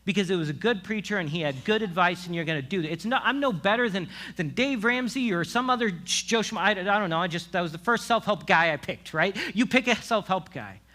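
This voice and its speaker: A male pastor preaching a sermon in a casual, animated way, full of asides and quick restarts. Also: high voice.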